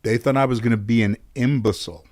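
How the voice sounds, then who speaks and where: With a medium-pitched, darkish voice that stays steady, this man talks quickly. He's a middle-aged comedian from around Los Angeles being interviewed casually, acting out family members as he recalls his childhood, cursing without restraint.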